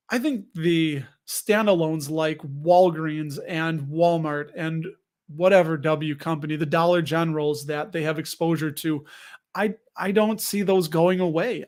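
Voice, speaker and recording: A man hosting a casual chat about dividend investing, rambling with joking, sarcastic asides as he reads viewer comments. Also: a little high. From United States. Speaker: dividend investing channel host.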